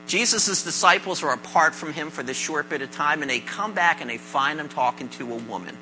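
A pastor giving a sermon to a congregation, mixing jokes with scripture and calling on listeners with quick questions. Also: mid-range voice, expressive, pushed and bright, a little hiss or hum, poor audio. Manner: calls on the congregation with "right?" and questions. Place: church service before a congregation.

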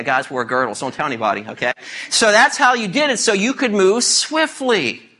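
A man's voice: sits high, bright, forceful tone. A man preaching as pastor, reading scripture and teaching emphatically with playful asides.

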